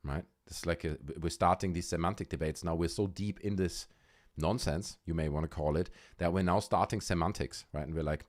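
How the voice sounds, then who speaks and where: A man hosting a casual livestream from a warm room at home, joking sarcastically and reading out chat messages. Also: sits low, fast. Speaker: livestream host. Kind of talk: casual live-stream chat.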